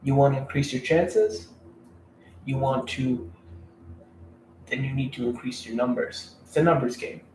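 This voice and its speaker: A man's voice: medium pitch, measured pace, long pauses, a little mellow. A man giving blunt dating advice in a casual, rambling, profane rant to camera. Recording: roomy room, mic at a distance, faint background noise.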